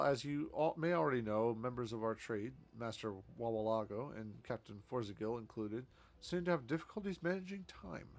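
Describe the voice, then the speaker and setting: A man's voice: mid-range voice, vocal fry, lightly acted. A man reading the lines of a fussy, formal male guild official from a video game.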